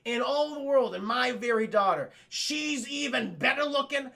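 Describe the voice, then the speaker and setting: A boastful middle-aged queen, done by a man barks her lines loud and salesy. Her voice sits higher than his usual and carries a bright, gravelly edge. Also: expressive, normal speed, exaggerated voice. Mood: brash.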